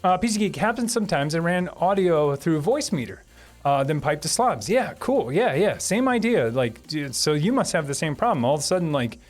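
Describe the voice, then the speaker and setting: Lively chatty man hosting a live stream. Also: on the high side, a little fast, soft background music. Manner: chatty, laughs often, thanks viewers repeatedly. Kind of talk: casual chat reading viewer comments. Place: home streaming setup.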